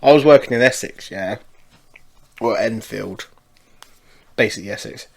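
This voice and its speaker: A man's voice: fairly low pitch, moderate pace, gravelly. A man co-hosting a casual podcast, telling laid-back, chatty stories and laughing often. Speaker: podcast co-host.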